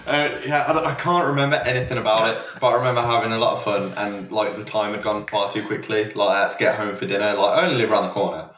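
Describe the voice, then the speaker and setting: Lower-voiced British man, off-mic and echoey. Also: fairly even intonation, fast, hardly any pauses, a bit bright, recorded from a distance, a little hiss or hum. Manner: rambling, lots of "like". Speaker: podcast co-host. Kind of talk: casual chat.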